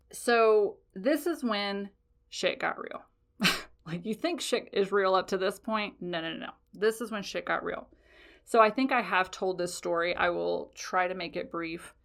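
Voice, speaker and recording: A woman in her forties tells her own story on her podcast, plain-spoken and full of swearing. Her voice sits a little low and has a gravelly fry running through it. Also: a bit bright. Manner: blunt, profane, confessional. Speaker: podcast host. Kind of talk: candid personal storytelling.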